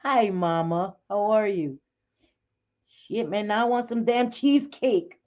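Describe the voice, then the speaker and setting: A woman's voice: medium pitch, lively intonation, a little slow, warm tone. A middle-aged woman hosting a casual livestream from home, chatty and laughing often as she talks to viewers by name. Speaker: livestream host. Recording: dull lo-fi stream audio.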